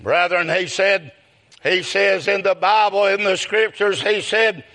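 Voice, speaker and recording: A man preaching a sermon, calling out to the brethren and his friends, telling folksy stories and rising into shouts. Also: high-pitched, a little slow. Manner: calls out brethren and my friend often, breaking into shouted peaks; folksy storytelling with chuckles.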